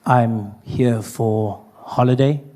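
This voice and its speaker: A man voicing a confused foreign traveler at an airport, answering in slow, halting words. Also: mid-range voice, fairly even intonation, warm tone, voice pushed down, close to an everyday voice. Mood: baffled.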